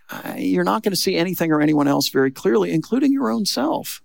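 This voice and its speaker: A man preaching a sermon with a raised voice that has a gravelly edge. He talks in a conversational way and leans hard on key points. The sound is close and dry, with no room echo. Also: high voice, animated, fast talker, few pauses. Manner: conversational, emphatic preaching with frequent "look" and "okay". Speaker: pastor.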